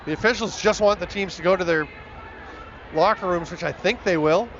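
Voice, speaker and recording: A man calling lacrosse play-by-play on a game broadcast, with rapid, excitable calls of the action. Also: high-pitched, lo-fi sound, some chatter behind, a little hiss or hum. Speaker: play-by-play commentator.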